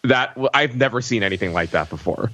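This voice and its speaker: A man co-hosting a podcast in casual chat, speaking in an animated, emphatic way. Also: mid-range voice, fast. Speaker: podcast co-host.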